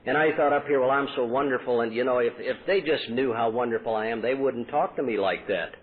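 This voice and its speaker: A man's voice: medium pitch, fairly quick. Man telling his recovery story. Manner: storytelling, acts out quoted voices. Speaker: AA speaker. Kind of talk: recovery talk to a meeting. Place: convention hall. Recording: tinny lo-fi 1980s tape with hiss.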